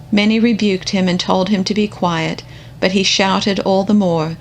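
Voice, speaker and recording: A woman reading scripture aloud in a slow, contemplative, measured way. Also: mid-range voice, fairly even intonation, slight background noise. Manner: measured, unhurried. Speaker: scripture reader.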